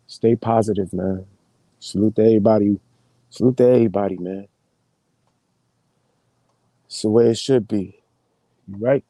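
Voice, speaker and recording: A man live streaming in relaxed, slangy casual chat, greeting his viewers as he talks. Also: on the low side, dry recording.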